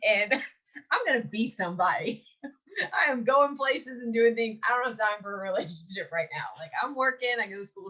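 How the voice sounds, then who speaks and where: A woman in her forties, originally from Mississippi, tells a personal story as a podcast co-host. Her voice is bright and forward. She talks casually, slips into acted quotes and laughs as she goes. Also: medium pitch. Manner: animated, laughs often, acts out quotes.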